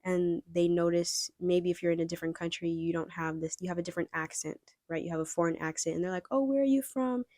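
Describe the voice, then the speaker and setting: Low mellow woman, chatty tarot reader. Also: monotone, quick pace, hardly any pauses, dry recording, studio quality. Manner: chatty and rambling, addressing viewers directly. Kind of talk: casual pick-a-card tarot reading.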